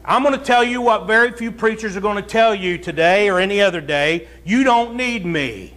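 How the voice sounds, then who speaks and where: A man with a fairly high voice delivers a homespun sermon. He talks plainly and chattily with his congregation, then presses his points with rising force. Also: normal speed, a bit bright. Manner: folksy, chatty preaching that builds to emphatic, raised stretches. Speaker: pastor. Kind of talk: conversational sermon.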